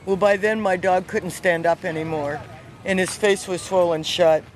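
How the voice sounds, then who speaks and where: A woman, not from the South, telling a personal story with lively, animated energy, outdoors on a city street. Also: fairly low pitch, normal speed. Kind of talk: casual spoken storytelling.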